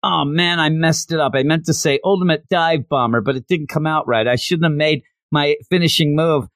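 A man's voice: fairly high pitch, normal speed, a bit bright, dry recording, studio quality, voice pushed up. A man voicing a clumsy, earnest teenage boy hero who fumbles his words. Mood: embarrassed. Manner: flustered, fumbling.

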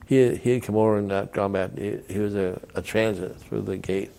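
A man's voice: lowish voice, fairly even intonation, fairly quick, creaky, warm tone, clear, resonant tone. An older man, a veteran, telling rambling anecdotes in an oral history interview and acting out the people he quotes.

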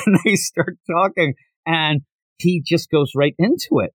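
A man's voice: fairly high pitch, measured pace, no echo. A man co-hosting a podcast, chatting casually about a manga chapter, laughing often and acting out the characters' lines. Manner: animated, laughs often, acts out quoted lines. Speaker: podcast co-host.

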